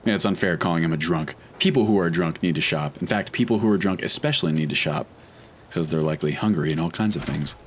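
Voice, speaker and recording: Deep-voiced man chatting over gameplay. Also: quick pace, slight background noise. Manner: chatty, wry, thinks aloud while playing. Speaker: let's play host. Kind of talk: casual gameplay commentary.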